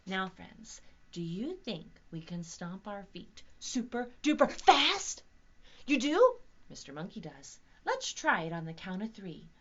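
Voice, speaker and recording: A woman's voice: medium pitch, big pitch swings, unhurried, fairly bright tone, muffled recording. A woman leading a virtual storytime for young children, talking in a sing-song, exaggerated, playful teacher voice. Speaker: children's librarian.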